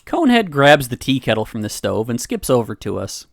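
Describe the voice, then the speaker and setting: A woman's voice: a bass voice, very animated, fairly quick, creaky, dry recording, studio quality. A woman streamer reading a narrative game aloud, giggling and reacting between lines.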